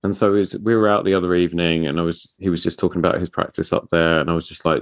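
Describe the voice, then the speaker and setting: A man hosting a podcast interview, chatty and self-deprecating with quick asides. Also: low voice, little pitch movement, no room sound. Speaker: podcast host. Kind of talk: casual interview chat.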